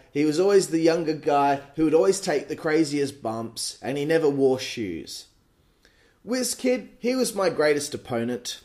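A man in his late twenties with an Australian accent, telling crude, animated stories on a podcast and swearing freely. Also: fairly high pitch. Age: late 20s. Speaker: podcast host. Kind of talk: casual storytelling monologue.

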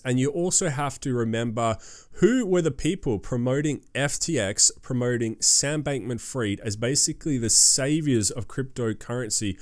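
A man's voice: mid-range voice, dry recording, studio quality. Emphatic man hosting crypto news. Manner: emphatic, hype-driven, lots of fillers and "guys". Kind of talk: fast-paced crypto news commentary.

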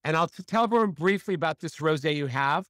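A man's voice: on the high side, expressive, fast talker, pushed and bright, dry recording, studio quality. Upbeat man in his fifties hosting. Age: 50s. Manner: upbeat, enthusiastic, laughs often. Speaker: podcast host. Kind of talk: casual interview chat.

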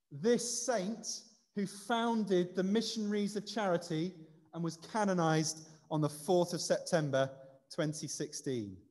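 A man with a slightly high, darkish voice leads a light-hearted quiz during a church service, chatting and poking fun at himself. The long reverb of the church hall carries through the recording.

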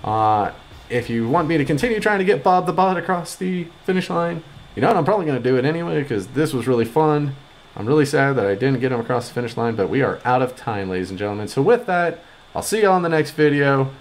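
A man hosting a gaming video, giving excitable gameplay commentary and yelping high when things go wrong. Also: quick pace. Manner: excitable, yelps high-pitched when upset.

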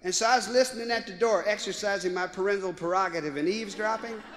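A man doing live stand-up comedy, animated and bursting into shouts, on a 1980s live album with audience laughter. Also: sits high, quick pace, in a large hall, background noise. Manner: animated, breaks into shouting and character voices. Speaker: Christian comedian.

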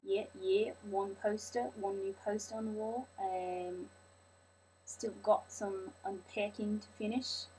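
A woman playing a quiet, deadpan young male musician with a put-on New Zealand accent, speaking in a halting, mumbled way. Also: mid-range voice, a little hiss or hum, close to an everyday voice, rough recording. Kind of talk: comedy sketch impression.

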